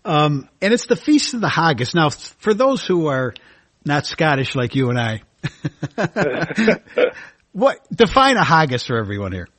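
A man's voice: on the high side, big pitch swings, a little slow, a bit bright. A man hosting a radio talk show, reading long ornate introductions and chatting with enthusiasm.

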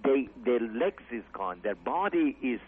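A man talks in an earnest, rambling way, his English full of broken grammar and restarts. His voice is husky and mid-pitched. He sounds tinny and narrow, as if heard over a phone-like radio line. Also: big pitch swings, unhurried. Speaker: comedy club owner. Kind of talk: casual radio interview chat.

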